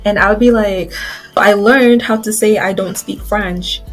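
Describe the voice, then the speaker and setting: A woman's voice: medium pitch, fairly even intonation, measured pace. Chatty woman vlogger, faint music behind. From Guyana. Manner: chatty, addresses viewers as y'all and guys, many likes. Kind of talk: casual chat to camera.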